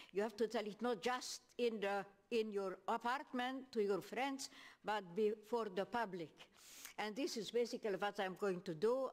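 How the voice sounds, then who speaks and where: An older woman from Hungary with a Hungarian accent, a philosopher giving a frank, deliberate talk at a public hearing with searching pauses. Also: fairly high pitch. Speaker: guest speaker, philosopher.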